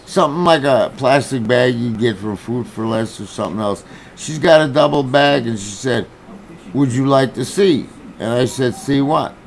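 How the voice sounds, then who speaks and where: Gravelly man ranting, profane and heated. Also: mid-range voice, normal speed, poor audio. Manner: profane, heated storytelling with quoted dialogue. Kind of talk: angry personal rant.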